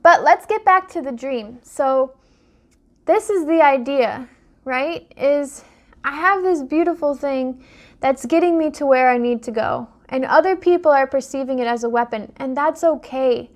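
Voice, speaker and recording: Speaking to her viewers in an unhurried, high voice, this young woman, a life coach and dream interpreter, delivers an impassioned direct-to-camera vlog. Rhetorical questions run all through her monologue.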